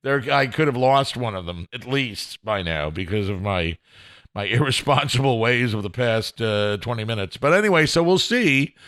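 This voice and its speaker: A man's voice: medium pitch, animated, moderate pace, a bit bright. A man hosting his own solo podcast from home, rambling in a self-deprecating way, often chuckling and restarting his sentences. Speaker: podcast host. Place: home, indoors.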